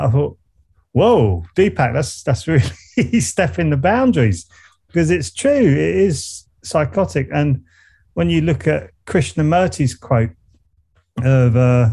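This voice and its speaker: Gravelly Surrey-accented man, reflective. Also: a little high, mellow. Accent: Surrey English. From England. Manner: reflective, rambling, frequent restarts and laughs. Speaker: guest, meditation coach and musician. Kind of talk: casual interview conversation.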